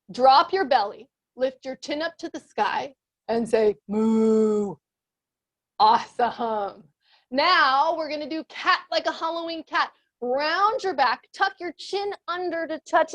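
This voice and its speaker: This is a young adult woman guiding children through a yoga class. Her voice sits high, and she keeps the cues playful, encouraging and sing-song. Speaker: kids yoga teacher. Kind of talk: guided kids yoga class.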